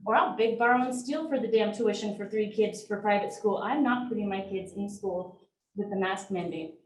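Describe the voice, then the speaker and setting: A woman's voice: medium pitch, normal speed. A woman, a parent, giving an impassioned, defiant public comment at a meeting. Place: large meeting hall. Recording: echoey hall, distant mic, faint noise.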